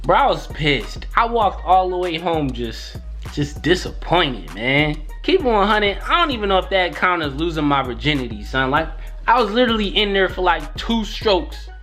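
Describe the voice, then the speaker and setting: Young male vlogger, animated slangy storyteller, bright lively voice, light music underneath. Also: high-pitched, moderate pace. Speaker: YouTuber. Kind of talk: casual storytelling.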